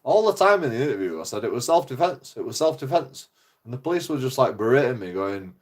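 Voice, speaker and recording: A man's voice: mid-range voice, fast. Swearing man in his thirties. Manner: swearing heavily, animated, indignant. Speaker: channel host. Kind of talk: casual storytelling.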